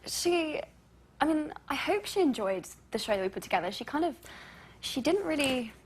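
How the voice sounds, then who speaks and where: A young English woman chatting as a talk-show guest, telling stories quickly with giggles and fillers. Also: high voice, sing-song. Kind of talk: casual talk-show chat.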